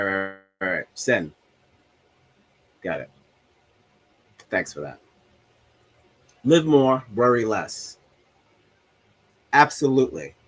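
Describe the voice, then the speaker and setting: A man's voice: medium pitch, breathy edge. Man casually hosting a livestream. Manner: loose, joking, talks to himself about a broken soundboard. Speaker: livestream host. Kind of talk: casual livestream chat reading comments.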